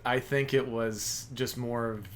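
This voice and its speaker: A man co-hosting a podcast, chatting about a horror episode in a relaxed, easygoing way. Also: medium pitch, unhurried, a little hiss or hum. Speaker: podcast co-host. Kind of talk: casual film review chat.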